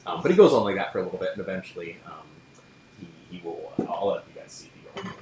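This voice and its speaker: A man's voice: deep voice, lively intonation, racing, a little mellow, slight background noise. A man narrating a tabletop game as game master, casual and laughing often, in an echoey room.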